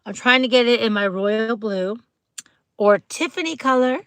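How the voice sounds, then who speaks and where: A woman's voice: fairly high pitch, moderate pace, fairly bright tone. A woman hosting a casual live stream, chatting to viewers in a bubbly way, full of "like" fillers and greetings. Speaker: livestream host.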